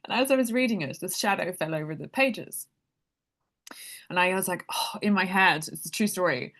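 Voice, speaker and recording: A woman's voice: lowish voice, normal speed, fairly bright tone. A woman telling a personal story in a casual, chatty way, laughing often and leaning on "like". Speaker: spiritual speaker.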